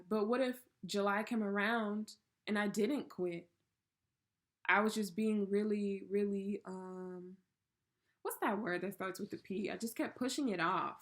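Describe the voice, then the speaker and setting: A young woman from the United States, telling a personal story in a casual vlog, candid and emphatic. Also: medium pitch. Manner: candid and emphatic, with swears and laughs. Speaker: vlogger.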